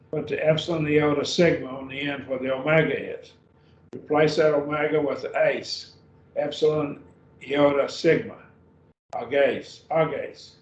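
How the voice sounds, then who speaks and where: A man teaching a beginning Greek grammar class, slowly repeating each word several times. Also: fairly high pitch. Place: classroom or church room. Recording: echoey room, dull lo-fi sound.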